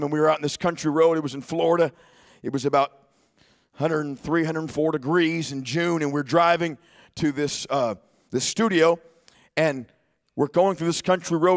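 A man preaching a sermon in a church, telling a personal story and swinging between shouted exhortation and quiet, hushed retelling. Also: a little high. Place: church sanctuary.

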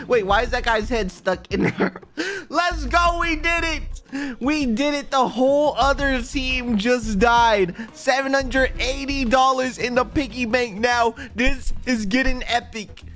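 A man giving casual, excitable gaming commentary, repeating himself and talking straight to viewers. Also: extremely high pitch, unhurried, faint music behind. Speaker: gaming YouTuber.

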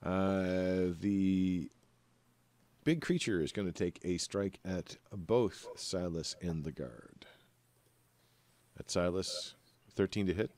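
Male game master with a deep voice and a loose, uh-filled narration style. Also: takes it slowly, pauses often, dry recording. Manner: relaxed, many filler uhs.

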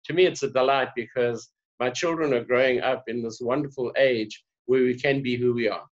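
A South African man speaking as a guest in a conversational interview, an animated storyteller. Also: medium pitch, a little fast. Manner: animated storyteller, laughs often. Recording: dull lo-fi sound.

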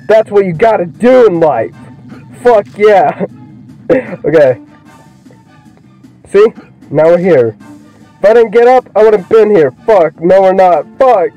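A young man doing let's play commentary, excitable, swearing constantly and yelling at the game. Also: high voice, slow, long pauses. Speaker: gaming video creator. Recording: muffled lo-fi mic with game music. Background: game music.

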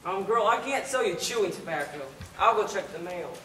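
A young actor in a school play playing a gruff, suspicious small-town storekeeper who speaks curtly. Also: medium pitch, expressive, a little fast, pushed and bright, slight background noise. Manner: curt, gruff. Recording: roomy stage sound from far off.

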